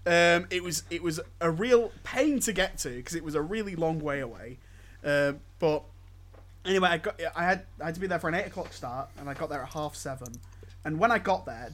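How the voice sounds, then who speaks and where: A man's voice: on the high side, a bit bright. A man co-hosting a podcast, telling a story in casual chat with stammers and restarts. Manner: stammering, jokey, laughs through his lines. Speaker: podcast co-host.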